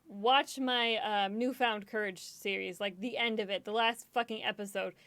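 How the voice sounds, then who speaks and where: A woman's voice: fairly high pitch, fairly even intonation, normal speed, few pauses, a bit bright, no room sound. A woman gaming streamer in casual chat, rambling, swearing often and laughing easily, self-deprecating and emotional.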